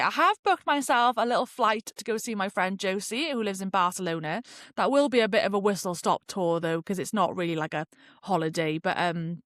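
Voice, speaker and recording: A woman's voice: fairly low pitch, a bit bright, no room sound, studio quality. A young woman hosting a casual solo podcast, chatting in a rambling way with many "like" fillers. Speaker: podcast host.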